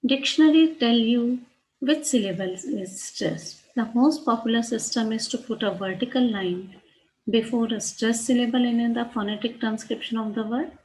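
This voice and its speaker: A woman's voice: on the high side, normal speed, darkish tone, low-quality recording. A woman lecturer with an Indian English accent, reading out and explaining a lesson on phonetic transcription. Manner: reads from text, then explains with spelled-out letters and asides in Hindi.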